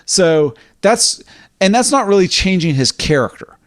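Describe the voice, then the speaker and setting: A man's voice: sits high, big pitch swings, measured pace, no echo, studio quality. A man co-hosting a podcast in casual chat, thinking aloud and sometimes acting out lines in character. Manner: thoughtful, acts out lines in character. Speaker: podcast co-host.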